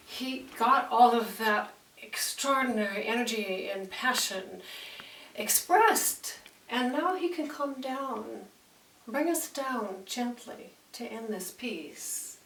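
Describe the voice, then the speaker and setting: Slow-talking woman piano teacher. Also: fairly high pitch, a bit bright, a little hiss or hum. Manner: explains music and sings out rhythms. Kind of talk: piano lesson. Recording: roomy echo, distant mic, piano between phrases.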